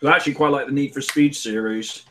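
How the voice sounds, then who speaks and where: Bright-voiced man hosting a gaming chat. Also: mid-range voice, fairly even intonation, fast talker, slight background noise. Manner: blunt, grumbling opinions with mock-quoted reactions. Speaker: show host.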